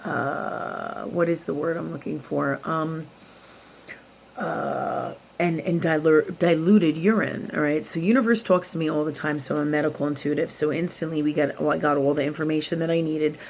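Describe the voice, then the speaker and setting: A woman's voice: deep voice, steady tone, normal speed, vocal fry, slight background noise. A woman hosting a late-night spiritual vlog, talking casually and rambling with laughs and restarts. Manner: rambling, with laughs and self-talk quotes. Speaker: spiritual YouTube host.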